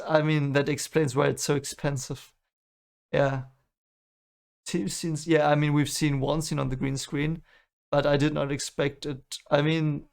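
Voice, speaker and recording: A man's voice: fairly high pitch, gravelly. A man hosting a movie reaction, rambling and correcting himself as he thinks aloud. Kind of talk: casual reaction commentary.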